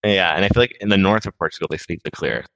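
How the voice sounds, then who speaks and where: A young man from Massachusetts, a guest on a podcast, speaks quickly with a deep but bright, forward voice. He rambles casually, piling on "like" and quick laughs, recorded close and dry. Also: dry recording. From Massachusetts, USA. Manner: rapid, rambling, heavy use of "like", quick laughs. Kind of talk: casual conversation.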